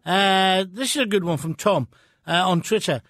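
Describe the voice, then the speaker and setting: High-voiced radio host, blunt. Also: male voice, moderate pace, a bit bright, no room sound, studio quality. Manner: blunt, opinionated, chatty. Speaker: radio talk show host. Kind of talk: phone-in radio talk. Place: radio studio.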